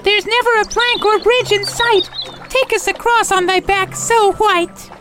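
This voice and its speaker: A man voicing a young girl in a storybook reading, in a high piping falsetto. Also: steady tone, measured pace, music in the background. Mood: eager. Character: frightened young girl, earnest and clever.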